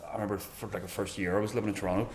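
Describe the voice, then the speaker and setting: A man with a Northern Irish accent telling stories in a casual chat, animated and swearing freely. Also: on the low side, racing, slight background noise. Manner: animated storyteller, mimics voices, swears freely. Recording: echoey room.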